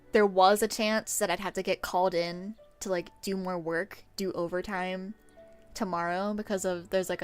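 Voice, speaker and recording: A woman streamer chatting casually to her viewers on a work-along stream, bubbly and quick to giggle. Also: on the low side, clear, resonant tone.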